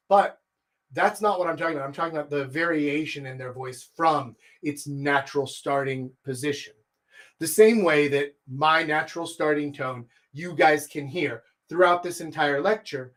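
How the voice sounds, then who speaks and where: A man in a somewhat high register runs a live coaching session, talking straight to his viewers. He keeps it animated, pushing his voice up and down and speeding up or slowing down to show what he means, with plenty of rhetorical questions along the way. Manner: animated, shifts pitch and speed to demonstrate. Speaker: dating coach. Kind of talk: livestreamed coaching lecture.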